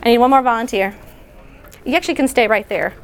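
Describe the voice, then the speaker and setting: A woman leading an interactive workshop session indoors, chatty and directing volunteers with quick asides. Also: fairly high pitch, slight background noise. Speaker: workshop speaker. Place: indoor room.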